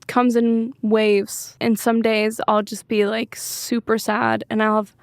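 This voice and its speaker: A woman's voice: on the high side, little pitch movement, slow pace, no room sound, clean studio sound. A woman singer-songwriter speaking openly as a podcast guest, rambling and full of filler words. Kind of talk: candid podcast interview.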